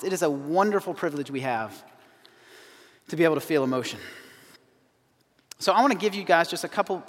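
A man's voice: medium pitch, big-room sound. A man preaching a sermon, earnest and emphatic, quoting scripture with rising emphasis. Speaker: pastor.

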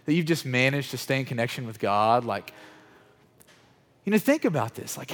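In a church hall with chairs, a male pastor preaches conversationally, asking his congregation questions. His mid-range voice swings widely in pitch at a slightly fast pace with a long reverb tail, and he keeps saying "like" with repeated false starts and fillers.

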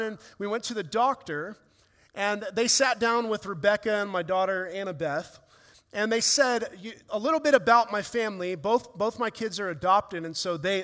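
A man's voice: sits high, fairly bright tone. A man preaching a sermon as a pastor, telling a family story with earnest, rising emotion. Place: church hall. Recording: long reverb of a church hall.

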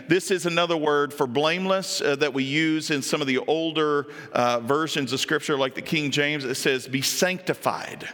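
Man, pastor, sermon, bright tone, reverberant church hall, questions the congregation. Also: fairly high pitch, moderate pace, few pauses. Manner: reads scripture then comments, asks the congregation questions. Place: church stage.

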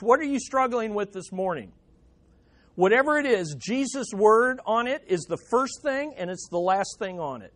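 High-voiced preacher, repeating for emphasis. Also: male voice, very animated, moderate pace, fairly bright tone. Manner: emphatic, repeating key phrases. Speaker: pastor. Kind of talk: sermon.

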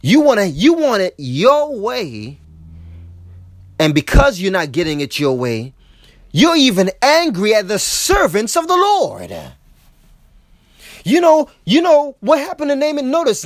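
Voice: mid-range voice, big pitch swings, unhurried, no room sound, studio quality. A preacher delivering a sermon, acting out quoted voices and often repeating words. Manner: repeats words as they speak.

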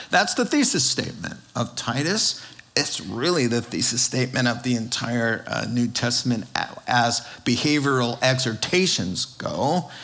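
A man's voice: medium pitch, fairly bright tone. A man preaching a sermon to his congregation, his voice sitting in an ordinary middle register. He talks in a loose, conversational way, with fillers and restarts. On key words he lifts his voice with emphasis. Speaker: pastor.

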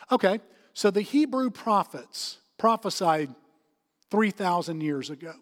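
Male pastor, high voice, emphatic sermon delivery, long reverb of a big hall. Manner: emphatic, repeats key phrases, drops to soft tones for comfort.

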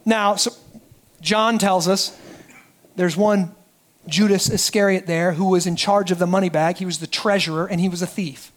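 Male pastor, very high voice, lively sermon delivery that drops to hushed emphasis. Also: normal speed. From United States. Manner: animated preaching, dropping soft for emphasis.

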